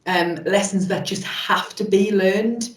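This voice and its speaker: A woman's voice: mid-range voice, fairly even intonation. Reflective woman host, echoey and distant. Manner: reflective, halting, many fillers. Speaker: podcast host. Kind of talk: interview questions. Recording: echoey room, distant mic.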